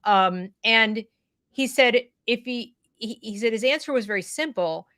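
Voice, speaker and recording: Animated woman host with a dry sound. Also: a little high, unhurried, dry recording. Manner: animated, many fillers and restarts. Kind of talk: conversational discussion.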